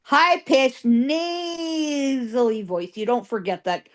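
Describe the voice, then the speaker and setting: A woman's voice: sits high, slow pace. A woman guest psychic telling ghost stories in an interview, emphatic, piling up repeated words for stress.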